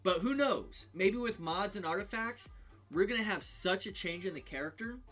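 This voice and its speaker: Bright-voiced man streaming game builds. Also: high voice, expressive, moderate pace, faint music behind. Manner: thinking aloud with many ums and restarts. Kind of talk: casual game build talk.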